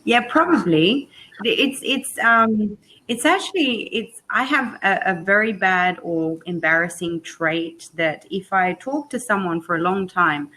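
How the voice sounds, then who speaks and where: A woman with a British accent tinged by Australian and South African sounds, chatting casually as an English tutor on a video call, telling stories with lively laughter. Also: mid-range voice, a little slow, poor audio. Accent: British blended with Australian and South African. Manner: chatty, laughing, animated storyteller. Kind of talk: casual chat.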